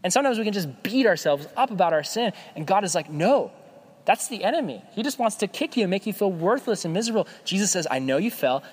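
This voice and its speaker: A young adult man preaching a casual sermon as a youth pastor, conversational and animated, acting out quoted voices. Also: high-pitched, fast talker, slightly rough. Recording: long hall reverb.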